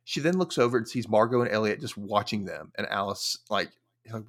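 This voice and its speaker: A young man hosting a podcast, casually recapping an episode with animated storytelling and wry quoted asides. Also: on the low side, brisk. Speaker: podcast host.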